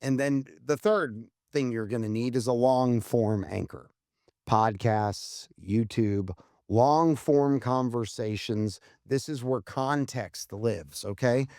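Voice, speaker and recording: On a casual marketing podcast, a male co-host delivers numbered tips with blunt emphasis and plenty of swearing. His medium-pitched voice is mellow, on a dry, studio-quality recording.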